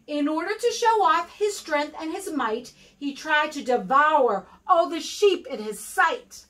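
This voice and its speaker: Slow, bright-voiced American woman storyteller. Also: high voice, far from the mic, rough recording. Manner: expressive, sing-song storytelling. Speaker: guest reader for kindergarten. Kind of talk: reading a rhyming picture book aloud.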